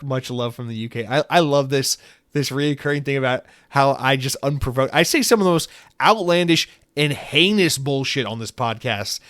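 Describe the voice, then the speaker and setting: A man's voice: mid-range voice, a bit bright, dry recording, studio quality. A man hosting a solo podcast, reading listener mail in a rambling, profane, self-deprecating chat.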